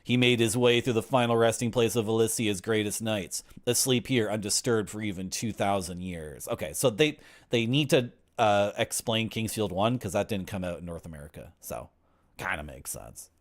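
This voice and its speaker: A man's voice: on the low side, moderate pace. Brief: a man in his forties reads a game's story aloud, with sarcastic asides between the lines. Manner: wry, griping asides, sarcastic. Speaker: game streamer. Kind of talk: reading game text aloud with commentary.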